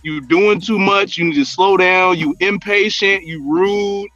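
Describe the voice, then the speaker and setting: A man's voice: high voice, unhurried, fairly bright tone, dry recording, lo-fi sound, faint music behind. A man co-hosting a podcast, arguing bluntly in casual chat. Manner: blunt, argumentative, repeats himself. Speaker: podcast co-host.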